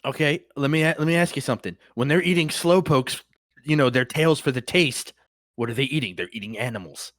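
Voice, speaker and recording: A man bantering on a podcast, animated, teasing and argumentative. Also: mid-range voice, brisk, dry recording, clean studio sound.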